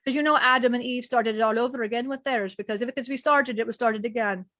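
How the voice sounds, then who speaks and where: A woman telling a spiritual story in slow, repetitive storytelling while speaking as a male being she channels. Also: a little high, a bit bright, no room sound, clean studio sound.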